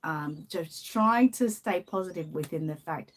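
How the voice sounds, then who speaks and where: A woman's voice: fairly low pitch, unhurried. Woman, Australian accent, casual live-stream host, chatty, laughs often. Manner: chatty, laughs often, reads out viewer comments. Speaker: channel host.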